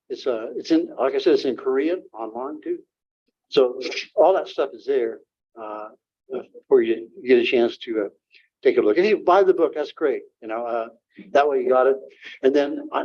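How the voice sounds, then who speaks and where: An older man, a guest author, talking informally to an audience and taking questions, halting with many fillers and restarts. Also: medium pitch. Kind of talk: informal talk and Q&A. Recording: dull lo-fi room recording.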